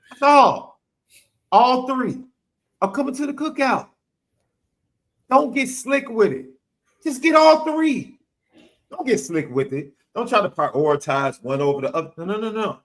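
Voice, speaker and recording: Podcast co-host, male, high and lively voice, hammers points home with repetition. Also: unhurried, pauses often. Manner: emphatic, repeats phrases for effect, pleading and preachy. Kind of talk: animated sports talk.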